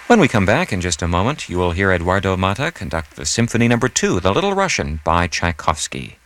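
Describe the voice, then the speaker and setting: A man hosting a classical radio broadcast, reading scripted announcements in a measured, announcer-like way. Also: deep voice, very animated, a bit bright. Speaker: radio host.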